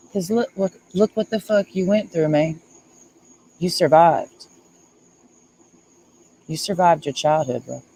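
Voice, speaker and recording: Gravelly-voiced streamer talking earnestly. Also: mid-range voice, darkish tone, poor audio. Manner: earnest, repetitive, confessional, emphatic. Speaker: livestreamer. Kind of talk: casual livestream monologue.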